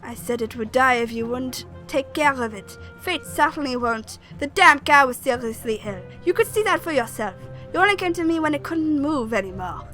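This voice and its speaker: Woman doing a village witch, dry, scornful, cutting, bright high voice. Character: sardonic sharp-tongued village witch woman.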